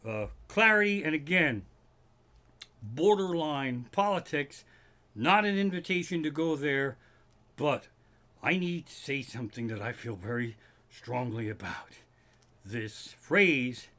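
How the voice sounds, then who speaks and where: Animated, profane man ranting. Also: mid-range voice, slow, long pauses. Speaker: comedian hosting a livestream. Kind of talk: stand-up style rant. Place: living room.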